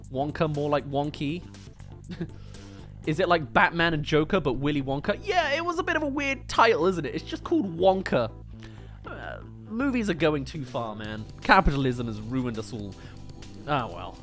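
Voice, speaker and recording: A man's voice: on the high side, sing-song, normal speed, a bit bright, soft background music. A British man hosting a movie review livestream, chatting casually and joking as he answers viewer comments.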